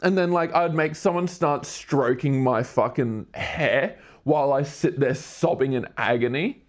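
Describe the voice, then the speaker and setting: A man's voice: measured pace, hardly any pauses. A young man livestreaming a puzzle and chatting with his viewers. He swears a lot, laughs often, and jokes around goofily. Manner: profane, goofy, laughs often; slips into silly high put-on voices. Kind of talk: casual livestream chat while doing a puzzle.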